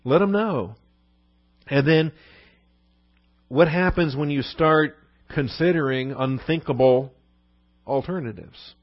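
A man's voice: on the high side, unhurried, long pauses, no room sound, lo-fi sound. A man preaching a sermon as a pastor, talking in a conversational way and asking rhetorical questions.

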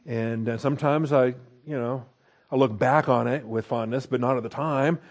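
A middle-aged man giving a verse-by-verse Bible lesson in a relaxed, conversational way. He explains word meanings, then checks in with his listeners with a quick "okay?". His voice sits at an ordinary pitch for a man. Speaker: Bible teacher.

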